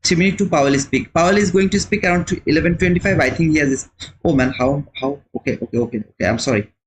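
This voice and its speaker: A fast-talking man with a fairly high pitch hosts a live trading stream, casually chatting and fielding viewer comments. His first language isn't English, he repeats words often, and the audio is rough.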